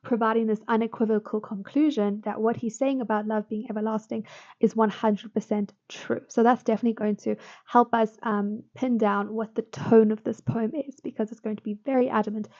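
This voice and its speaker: A woman tutor walks through a poem in a poetry analysis lesson, using fillers and small self-corrections as she goes. Her voice is a little high and darkish, her pace brisk, her intonation fairly even. The recording has a dull, lo-fi sound.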